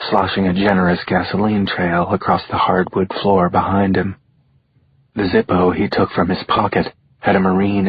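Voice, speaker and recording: Very deep, gravelly male narrator. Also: dull audio. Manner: measured, dramatic reading. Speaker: audiobook narrator. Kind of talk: scripted audiobook narration.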